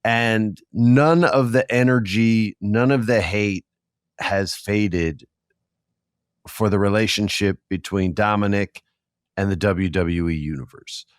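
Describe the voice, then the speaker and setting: A man's voice: fairly low pitch, slow, clear, resonant tone, no echo, studio quality. A man hosting a podcast, telling stories casually and acting out the people he quotes. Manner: animated storyteller, acts out quoted voices. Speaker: podcast host. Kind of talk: casual storytelling chat.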